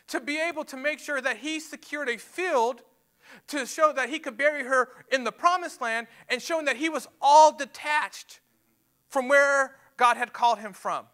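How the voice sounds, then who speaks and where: A man's voice: very high-pitched, unhurried, bright, forceful tone. A man preaching a sermon to a church, emphatic and repeating words as he builds his points. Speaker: pastor. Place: church sanctuary.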